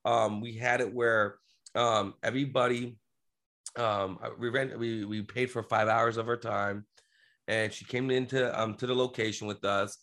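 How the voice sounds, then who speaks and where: A man's voice: mid-range voice, little pitch movement, measured pace, a bit bright. A man, a podcast guest, telling a personal family story in an earnest, rambling way with many restarts. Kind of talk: casual storytelling.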